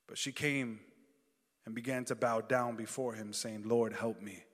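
A man's voice: lowish voice, fairly even intonation, a little slow. A man preaching a sermon, reading scripture aloud and then calling out to the congregation. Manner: reads scripture then preaches with call-and-response. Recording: long hall reverb.

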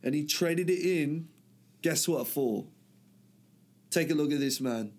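A man's voice: on the high side, unhurried, a little mellow, slight background noise. Young guy, casual banter, heavy swearing, fake-English "mate" habit. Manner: swears a lot, keeps saying "mate" in a put-on English accent. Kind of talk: casual chat trading wild facts.

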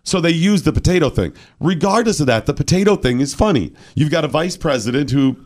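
A man hosting a political talk radio show, chatting in an animated, sarcastic, rambling way. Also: a little high, brisk.

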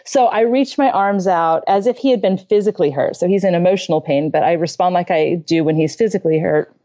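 A woman's voice: fairly low pitch, fairly quick, warm tone, muffled recording. A middle-aged woman on a parenting podcast, telling a story from home in an earnest, conversational way, laughing often and acting out quotes. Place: home bedroom.

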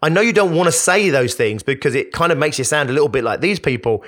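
A man giving a motivational talk on marketing as a business coach, energetic and emphatic, asking rhetorical questions. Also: a little high, quick pace.

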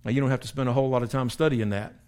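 A man's voice: medium pitch, fairly even intonation, rapid-fire, darkish tone. An older man in his sixties, a pastor leading a Bible study in a conversational, emphatic way, often repeating and restarting phrases. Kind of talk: sermon-style Bible teaching.

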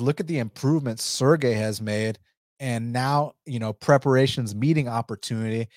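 A man's voice: medium pitch, a little mellow, no room sound, studio quality. A young adult man giving a casual, blunt fight breakdown and betting picks, talking animatedly, swearing and using plenty of fillers. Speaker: MMA betting analyst.

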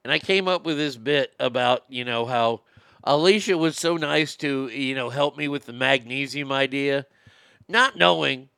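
Man, talk show host, blunt profane ranting, bright forceful tone, slightly high pitch. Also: creaky, clear, resonant tone, no echo, studio quality. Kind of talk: casual opinionated talk show.

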